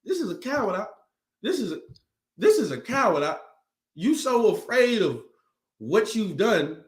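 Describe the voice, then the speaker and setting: A man co-teaching an informal sermon, blunt and exclamatory, with quick interjections. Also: high voice, very animated. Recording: roomy echo.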